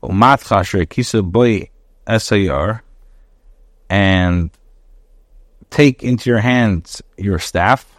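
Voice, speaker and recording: Rabbi, low voice, Ashkenazi Hebrew reading, phrase-by-phrase translation, dry close sound. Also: male voice, takes it slowly, long pauses, no room sound. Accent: Hebrew in traditional Ashkenazi pronunciation. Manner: reads each phrase, then translates it in short bursts. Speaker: rabbi teaching Torah with commentary. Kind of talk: daily Bible lesson, reading verse then translating.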